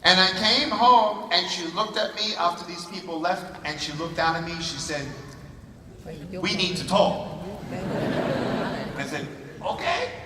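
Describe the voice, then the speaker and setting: A man tells his story as a motivational speaker in an animated way, acting out the dialogue, and his voice sits high. He is heard from far off in a large convention hall with long reverb and clear background ambience. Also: moderate pace, hardly any pauses. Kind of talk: storytelling keynote speech. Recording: echoey hall from far off, noisy.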